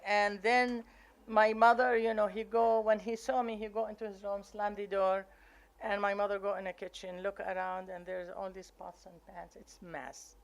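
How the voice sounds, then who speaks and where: A woman's voice: medium pitch, normal speed. Older Arabic-accented woman telling stories. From Palestine. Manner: animated storytelling, acting out family quotes. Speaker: memoir author. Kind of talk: reading and telling memoir stories.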